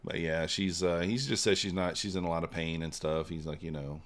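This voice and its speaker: A man's voice: deep voice, steady tone, brisk. A man chatting casually on a live trading stream, rambling with lots of fillers and trailing off.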